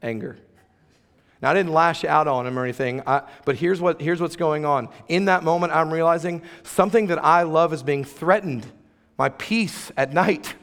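A fairly high-voiced man preaches a sermon in a large, echoing church hall, the sound trailing off in a long reverb. He talks in a conversational, emphatic way and keeps tossing quick asides to his listeners. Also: a bit bright. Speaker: pastor.

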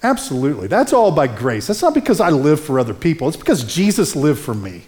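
A middle-aged male pastor preaching a sermon, telling stories in an animated, conversational way. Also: on the high side, fast.

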